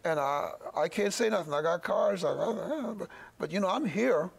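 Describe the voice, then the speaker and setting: A middle-aged man giving an earnest, halting church testimony in an interview, often repeating words as he searches for them. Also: high-pitched, lively intonation, vocal fry, husky.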